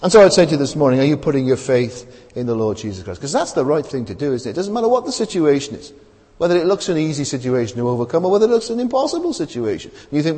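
A man preaching a sermon in a casual, conversational way, often asking "isn't it?" and pausing on fillers. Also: medium pitch, very animated, darkish tone, in a large hall. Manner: conversational, asks many tag questions, frequent fillers.

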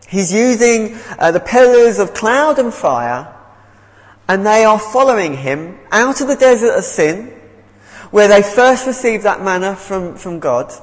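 Male preacher, earnest and unhurried, with a bouncy, animated delivery. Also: sits high, big-room sound, low-quality recording. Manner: earnest, repeats words as he goes. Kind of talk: sermon.

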